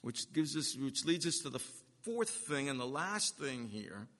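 Forceful bright-voiced man preaching in a reverberant hall. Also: medium pitch, very animated. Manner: emphatic, swings between loud and hushed, slows down to stress points. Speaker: pastor. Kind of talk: sermon.

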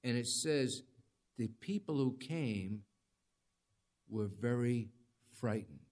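Man preaching a lively sermon. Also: mid-range voice, slow. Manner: dramatic, conversational preaching with rising emphasis. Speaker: pastor.

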